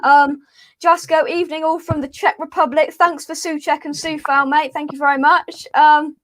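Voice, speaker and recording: A woman's voice: high-pitched, flat delivery, moderate pace, fairly bright tone. A woman hosting a live stream, giggling as she reads out chat comments. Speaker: host.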